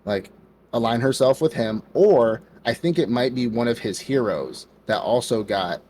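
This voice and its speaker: A man's voice: medium pitch, lively intonation, moderate pace, darkish tone, a little hiss or hum. A man co-hosting a podcast, recapping an anime episode in a rambling, casual way and acting out the characters' lines with lots of "like" and "bro". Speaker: podcast co-host.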